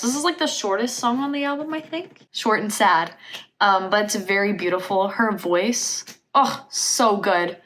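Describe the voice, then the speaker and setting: A woman's voice: mid-range voice, fairly bright tone. Gushing woman vlogger, lots of "like". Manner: gushing, filler-heavy talk with lots of "like". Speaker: music reaction vlogger. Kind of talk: casual album review chat.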